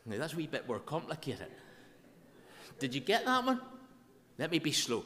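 A man's voice: a little high, huge pitch swings, normal speed, pauses often, pushed and bright. A man with a Northern Irish accent, a minister leading prayer and preaching a sermon in an earnest, conversational way. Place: church. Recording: reverberant church hall sound.

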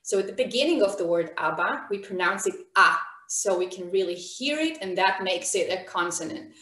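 A woman's voice: medium pitch, expressive, brisk, roomy sound. A woman teaching an online beginner Hebrew class, encouraging and calling on students by name.

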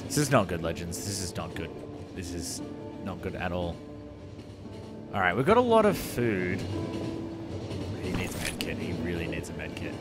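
A man hosting a gaming channel, giving animated let's-play commentary and exclaiming at the screen. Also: deep voice, normal speed, long pauses, loud music behind the voice. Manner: animated, exclaiming, addresses viewers as legends.

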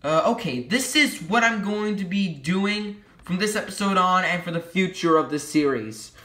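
Playful male YouTube host, bright and animated delivery, echoey room. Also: high-pitched. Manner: playful and jokey, self-correcting with quick apologies. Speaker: YouTube logo history host. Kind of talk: casual explanatory commentary.

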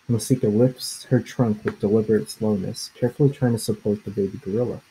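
A man narrating a children's story in the first person, measured and plain. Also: lowish voice, fairly even intonation, dark tone, husky, low-quality recording. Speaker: audiobook narrator.

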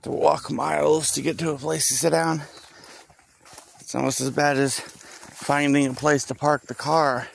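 A man's voice: a little high, level tone, measured pace, gravelly, a little hiss or hum. A man rambling outdoors in a park, profane and meandering, trailing off with a rueful tone.

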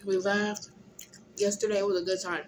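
A woman's voice: medium pitch, flat delivery, noisy background. Tired young woman. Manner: tired, groggy, drawn-out talk with frequent throat clearing. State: tired and groggy. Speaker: vlogger. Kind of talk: casual vlog chat while eating. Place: hospital room.

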